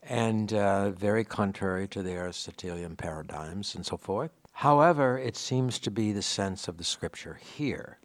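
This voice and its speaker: A man's voice: fairly low pitch, moderate pace, hardly any pauses, no echo. A man giving a sermon, explaining a scripture passage in a reflective, teaching manner with conversational asides. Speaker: preacher.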